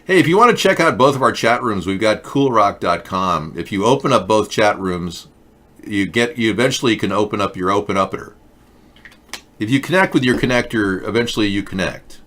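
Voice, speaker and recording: A man's voice: lowish voice, lively intonation, a little fast, a bit bright. A man hosting a live political chat show, talking in a sarcastic, mocking way. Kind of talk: casual satirical chat with live chat.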